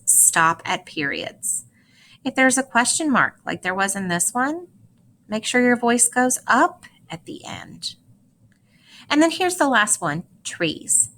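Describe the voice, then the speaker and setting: Slow, clear-voiced woman teacher reading aloud. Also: on the high side, fairly bright tone. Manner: slow, careful, instructive read-aloud with clear phrasing. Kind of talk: recorded class lesson, reading poems aloud.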